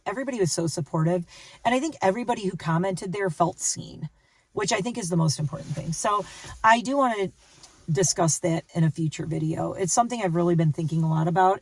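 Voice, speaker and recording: A tired woman vlogs casually to the camera outdoors and in a car on a rainy day, rambling, chatty and correcting herself as she goes. Her medium-pitched voice is a little mellow, picked up by a distant mic in a rough recording.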